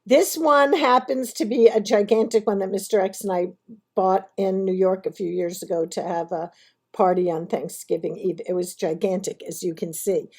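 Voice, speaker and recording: A woman's voice: medium pitch, steady tone, moderate pace, darkish tone, slightly rough. A woman talking to the camera in a casual video monologue, rambling and laughing at herself. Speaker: vlogger.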